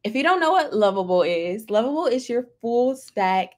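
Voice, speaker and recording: Excited lady running a live stream, chatty, kinda high voice. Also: normal speed. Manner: bubbly, chatty, reading out the chat. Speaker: livestream host, head of community. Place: Atlanta.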